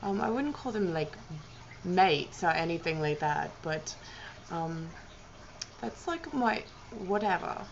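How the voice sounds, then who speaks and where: A woman vlogging about books in a deliberately put-on British accent, rambling and poking fun at herself with plenty of "I mean" and "like". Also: fairly low pitch, lively intonation, gravelly, muffled recording, a little hiss or hum. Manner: rambling, self-mocking, heavy on fillers like "I mean" and "like". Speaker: book vlogger. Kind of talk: jokey rambling vlog.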